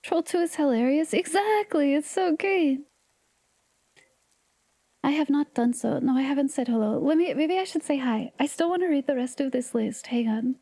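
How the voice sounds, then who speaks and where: A woman's voice: sits high, moderate pace, mellow, no echo. A woman hosting a livestream, chatting casually and playfully with viewers, often giggling and sometimes dropping to a whisper. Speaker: livestream host.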